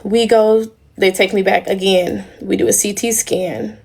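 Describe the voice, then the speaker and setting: A woman's voice: medium pitch, fairly even intonation, unhurried, gravelly, a little mellow, slightly rough. A young woman on a casual livestream, talking emotionally and in a rambling way straight to her viewers. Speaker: livestream host.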